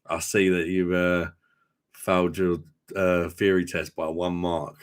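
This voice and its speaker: Deep-voiced, chatty man. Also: flat delivery, unhurried, smooth. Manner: chatty, swears, laughs a lot. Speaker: host. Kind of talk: casual livestream chat.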